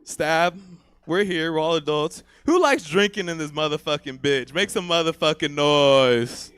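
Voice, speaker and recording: Swaggering bright-voiced stand-up comic. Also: male voice, on the high side, animated, a little slow, clean tone. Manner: crude, swaggering, laughs at own jokes. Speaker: stand-up comedian. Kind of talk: stand-up comedy set.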